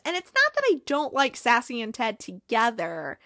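A woman's voice: a little high, huge pitch swings, moderate pace, sharp tone, dry recording, clean studio sound. A young woman casually recapping a TV episode, chatty, acting out the characters' lines with fillers and laughs.

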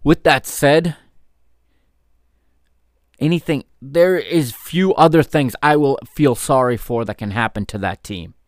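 Male podcast host, heated sports rant, middle pitch, dry close sound. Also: measured pace, pauses often, dry recording. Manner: heated, ranting, swears, laughs in disbelief.

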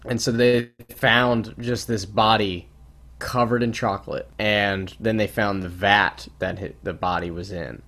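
A man's voice: on the low side, fairly even intonation, unhurried, sharp tone. Rambling, hesitant young man chatting. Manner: rambling, hesitant, with many restarts and fillers. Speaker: podcast co-host. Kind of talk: casual podcast chat.

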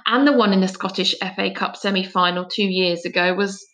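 A woman's voice: mid-range voice, fairly even intonation, fairly quick, a bit bright, lightly acted. Woman voicing a nosy, eager boy. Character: nosy eager boy, teasing, phone in hand.

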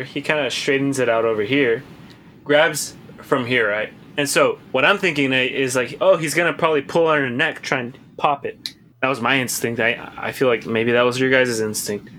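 A man's voice: mid-range voice, sharp tone, slight background noise. A man in casual chat, demonstrating and describing events animatedly.

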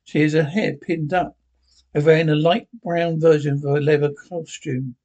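A man's voice: fairly high pitch, fairly even intonation, normal speed, a little mellow, lo-fi sound. A man reading a script and its stage directions aloud in a plain way, with small slips and restarts.

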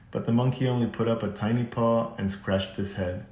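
A man narrating a children's classic as an audiobook in a steady, measured way. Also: medium pitch. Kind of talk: scripted narration. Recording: echoey room.

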